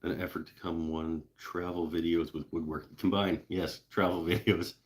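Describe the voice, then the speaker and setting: Deep-voiced guy hosting a woodworking livestream, laid back, rambles and swears a bit. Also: little pitch movement, moderate pace. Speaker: woodworking channel host. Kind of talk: casual live-stream chat.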